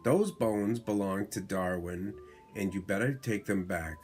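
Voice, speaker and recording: A bossy cat mother calling after her muddy son, as a father puts her on. The voice jumps high and loud in a hollering scold. Soft music plays under the storybook reading. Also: expressive, measured pace.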